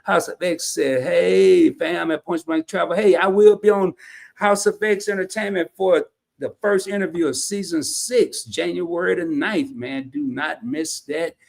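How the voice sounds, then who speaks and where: A man hosting a casual livestream, reading viewer comments in a folksy, slangy, animated way. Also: high-pitched, unhurried, gravelly. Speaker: livestream host.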